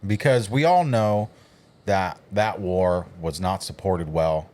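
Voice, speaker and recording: A man with a low voice hosts a casual podcast interview. He asks relaxed, slow, probing questions and leaves the guest room to talk. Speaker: podcast host.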